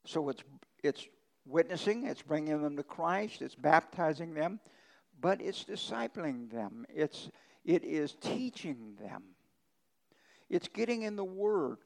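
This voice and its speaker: A man's voice: a little high, lively intonation, slow pace, gravelly, low-quality recording. A male pastor preaching a conversational sermon, telling folksy ranch stories with emphatic swings in his voice.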